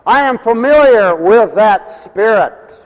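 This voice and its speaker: A man preaching a sermon as pastor, swinging between loud declarations and hushed, low storytelling. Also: animated, slow, in a large hall, low-quality recording.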